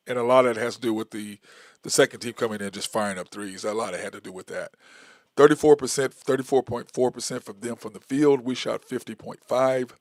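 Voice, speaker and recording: A man hosting a sports talk show, giving a casual, rambling opinion monologue and counting stats out loud as he corrects himself. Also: mid-range voice, no echo, studio quality.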